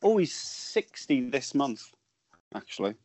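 A man's voice: mid-range voice, big pitch swings, slow pace, a little mellow, no room sound. A man, co-hosting a podcast in casual chat, laughing often and mocking himself. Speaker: podcast co-host.

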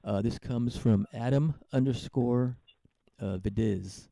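Guy hosting a podcast, super gravelly low dark voice, lots of ums and restarts, dry close sound. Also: takes it slowly, dry recording. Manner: rambling, lots of fillers and restarts. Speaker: podcast host. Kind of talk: casual interview chat.

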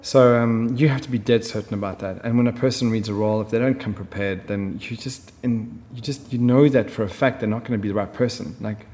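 A man's voice: mid-range voice, fairly even intonation, brisk, few pauses, darkish tone, long reverb tail. A man talking as a film director in an interview, chatty and full of fillers. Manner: chatty storyteller, many fillers. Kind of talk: conversational interview.

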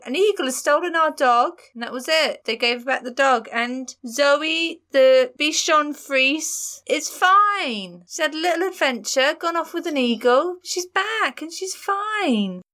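A woman co-hosting a casual podcast. She retells stories with playful, lively energy. Her voice is bright and sits a little high. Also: clean tone. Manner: chatty, playful, lively storytelling. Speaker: podcast co-host. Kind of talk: casual chat, retelling a news story.

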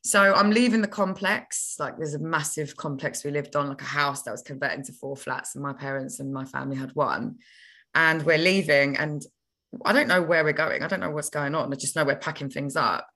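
Chatty woman, low and bright. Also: fairly quick. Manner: lively, chatty, peppered with "like". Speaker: podcast guest. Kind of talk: casual storytelling.

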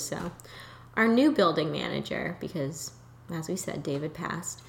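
A woman's voice: fairly low pitch, animated, takes it slowly, vocal fry, long pauses, a little hiss or hum. A young woman from Miami co-hosting a casual chat, telling stories with jokes and laughter. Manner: joking, laughing storyteller. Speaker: podcast co-host.

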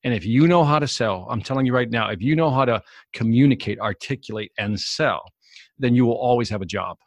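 Man, interview guest, quick and animated storyteller, dry close mic. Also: mid-range voice, no echo. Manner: animated storyteller, acts out the people in his stories. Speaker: guest, sales expert.

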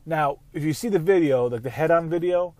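A man's voice: fairly high pitch, brisk, darkish tone, no echo. Profane, rambling male podcaster. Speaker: podcast host. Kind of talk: casual solo sports talk.

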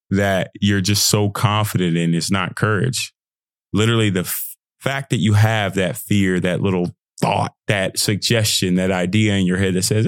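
A young man hosting a motivational podcast, talking casually with slang, laughing often and jumping into high mocking voices when he quotes people. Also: dry recording, studio quality. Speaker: podcast host. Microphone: podcast setup.

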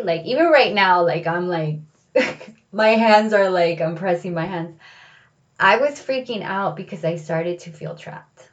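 A woman's voice: lowish voice, expressive, a little slow, highs cut off. A woman telling a personal story in a candid, reflective way, often saying "like" and "you know.".

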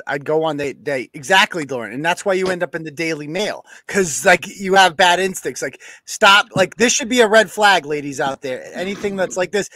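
A man hosting a live podcast, mocking what he reads aloud and joking with his guests. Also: a little hiss or hum. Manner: mocking, animated, reads messages aloud in a put-on deep voice. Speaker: podcast host. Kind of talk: live show commentary.

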